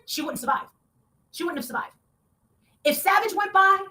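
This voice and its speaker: Woman ranting and cussing, high voice, bright and sharp. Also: lively intonation, quick pace, long pauses. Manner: swears often, loud outbursts, rambling rants. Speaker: online show guest. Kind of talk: heated casual talk.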